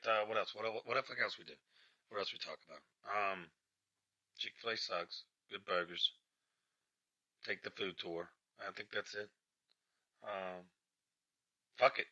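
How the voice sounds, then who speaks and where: Podcast host, man, gravelly and bright, slightly low, rambling profane rant, lo-fi recording. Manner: rambling, profane, with many restarts. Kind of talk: casual rant monologue. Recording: dull lo-fi recording.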